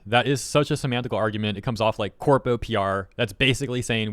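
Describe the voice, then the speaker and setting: A man's voice: medium pitch, a bit bright, no room sound, studio quality. A man giving casual, skeptical commentary as a YouTube host, reading posts aloud and picking them apart. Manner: skeptical, wry, quick commentary.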